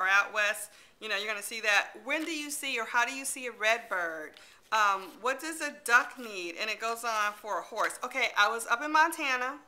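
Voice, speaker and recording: A middle-aged woman from Detroit, a library storyteller telling a chatty story, animated and quick to laugh, acting out her own lines. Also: on the high side. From Detroit, USA.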